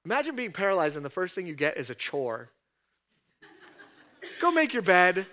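Bright, forceful male pastor preaching. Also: sits high, very animated, normal speed. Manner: emphatic preaching, rising to loud repeated questions; retells scripture scenes in a storytelling voice. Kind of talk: sermon.

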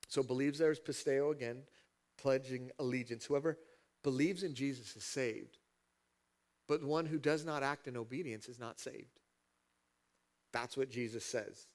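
Man, pastor, sermon, animated, emphatic peaks, dramatic scripture asides, mid pitch. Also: normal speed, pauses often.

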